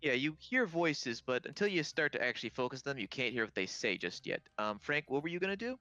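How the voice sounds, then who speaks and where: A man's voice: medium pitch, big pitch swings, fairly quick, bright, forceful tone, no echo, lo-fi sound. A man narrating a tabletop game as game master, describing scenes and asking the players what they do.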